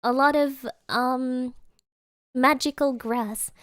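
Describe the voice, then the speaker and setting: A woman's voice: high-pitched, fairly even intonation, a bit bright, no echo, clean studio sound. A woman streamer, a native German speaker, giggling as she retells video clips in English. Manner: giggly, retells clips with quick put-on voices. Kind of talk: casual reaction commentary.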